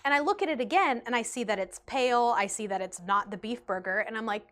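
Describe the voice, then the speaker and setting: A young woman telling a restaurant story in a chatty storytime vlog, animated and peppered with "like". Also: fairly high pitch, quick pace. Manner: chatty and animated, heavy use of like. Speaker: vlogger. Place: indoors, seated in a rotating chair.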